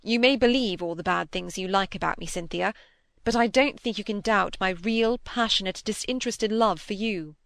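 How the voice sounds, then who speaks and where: A self-assured young gentleman suitor presses his case in a storybook reading, as a woman voices him. He speaks with firm insistence at a middling pitch. The sound is dry and close. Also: moderate pace, vocal fry, dry recording. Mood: insistent. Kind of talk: audiobook character reading.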